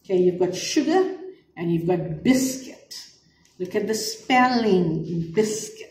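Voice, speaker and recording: A woman teaching an English lesson, slowly explaining a test dialogue and acting out its lines. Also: fairly low pitch, expressive, a little mellow. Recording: echoey room, from a distance.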